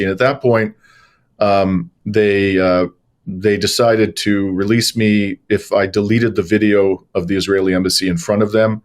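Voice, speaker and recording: Low-voiced man telling stories as guest. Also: moderate pace. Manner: animated anecdotes with frequent fillers and restarts. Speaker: guest journalist and lawyer. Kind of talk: conversational interview storytelling.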